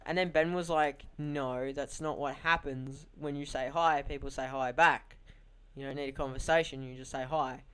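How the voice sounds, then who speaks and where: A young man co-hosting a podcast, swearing and telling animated stories about his friend, acting out what people said. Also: mid-range voice, normal speed, clear, resonant tone. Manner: animated storytelling, swearing, acts out quoted voices. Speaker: podcast co-host. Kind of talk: casual banter.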